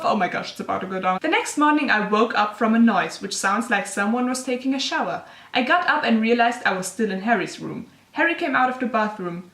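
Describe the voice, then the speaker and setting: A woman's voice: a little high, expressive, brisk, hardly any pauses, a bit bright. A young woman reading her old fanfiction aloud with gushing, self-mocking commentary. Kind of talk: dramatic reading with casual commentary. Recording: echoey room.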